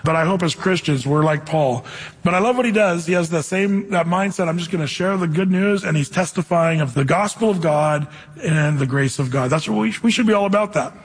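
A man preaching a conversational sermon, slowing down to read scripture and acting out quotes. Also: on the high side, husky, in a large hall. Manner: conversational, reads scripture slowly, acts out quotes. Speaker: pastor.

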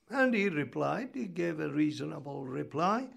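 Gravelly high-pitched man preaching a sermon. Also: very animated, moderate pace, few pauses. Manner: emphatic, rhetorical questions, reads scripture aloud.

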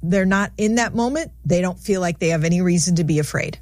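A woman's voice: lowish voice, fairly quick, a little mellow, no room sound, clean studio sound. A woman co-hosting a casual faith talk show, retelling anecdotes in a conversational way. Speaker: co-host.

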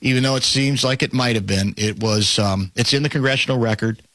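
A man hosting a talk radio show, rambling and animated, often breaking off and restarting his sentences. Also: mid-range voice, a little fast, dry recording. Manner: animated, rambling, self-interrupting.

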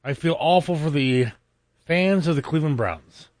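Brief: man relaying sports headlines, fairly high, dry close sound. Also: normal speed, darkish tone, dry recording. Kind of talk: reading out sports news.

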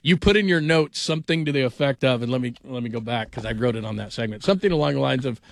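A man's voice: medium pitch, quick pace, vocal fry, dry recording, studio quality. A man hosting a sports talk radio show, chatting casually and telling rambling jokey stories. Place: radio studio.

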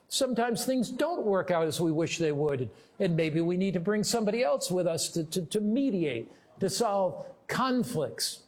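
Male pastor, sermon, deliberate emphatic delivery, fairly high voice.

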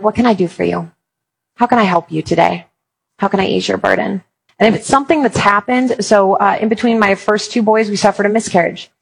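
A woman's voice: mid-range voice, creaky, husky, low-quality recording. A woman giving a Christian talk to parents, telling stories with humor. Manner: lively storytelling with humor. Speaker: Christian speaker. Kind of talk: conference talk.

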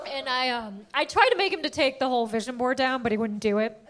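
Animated high-voiced woman doing stand-up. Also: fast talker. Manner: animated storytelling, laughing punchlines. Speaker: stand-up comedian. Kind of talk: stand-up comedy set.

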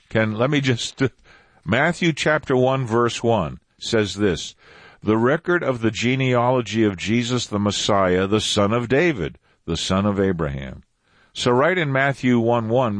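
A man's voice: lowish voice, no room sound. A man teaching a Bible passage in a conversational way, repeating phrases for emphasis. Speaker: preacher.

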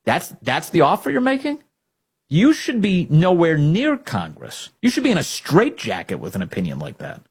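A man's voice: fairly high pitch, huge pitch swings, moderate pace, slightly rough. A man hosting a political talk radio show, delivering a sarcastic, emphatic monologue.

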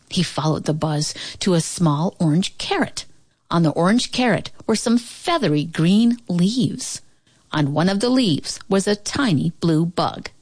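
A woman reads a children's storybook aloud in a low, husky, breathy voice. Her narration rises and falls with lively expression, recorded close and dry. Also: no echo. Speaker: storybook reader.

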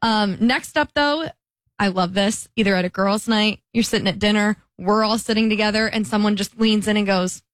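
A young woman co-hosting a casual podcast chat, talking quickly and acting out the voices of people she quotes. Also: medium pitch, no echo. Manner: chatty, acts out quoted voices. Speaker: podcast co-host.

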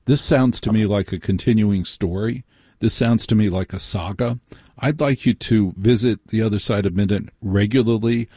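A man hosting a late-night radio call-in show from a studio, measured and emphatic, repeating phrases for effect. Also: fairly low pitch, warm tone, slightly rough, dry recording. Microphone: studio microphone.

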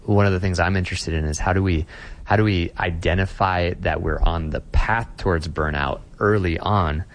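A man's voice: sits low, steady tone, normal speed, a little hiss or hum. A man who is a pastor, speaking as an interview guest in an earnest, reflective way, often restarting his sentences.

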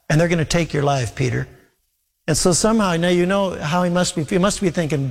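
A man's voice: fairly high pitch, fairly quick. A man preaching an earnest sermon, often speaking Jesus' words to Peter as direct quotes. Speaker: pastor. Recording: long hall reverb.

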